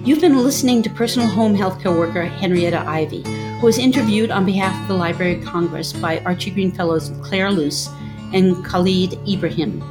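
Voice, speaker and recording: A woman folklorist reading a scripted outro for a podcast in a calm, measured voice. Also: fairly low pitch. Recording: guitar music under the voice.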